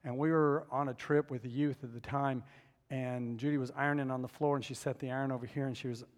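A middle-aged man preaching a sermon, telling a family story and building to loud, fervent emphasis. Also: mid-range voice, steady tone, fast. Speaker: pastor. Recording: long reverb of a large hall.

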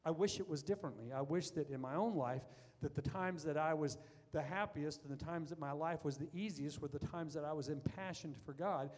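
A man's voice: fairly high pitch, a little fast, a little mellow. A man preaching a sermon as pastor, earnest and building to fervent emphasis. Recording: long reverb of a large hall.

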